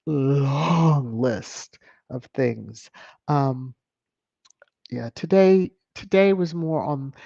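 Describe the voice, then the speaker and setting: A woman's voice: low-pitched, warm tone, no echo. A woman hosting a celebrity news commentary vlog, sassy and emphatic, repeating phrases for effect. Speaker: vlog host. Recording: dry, dull lo-fi sound.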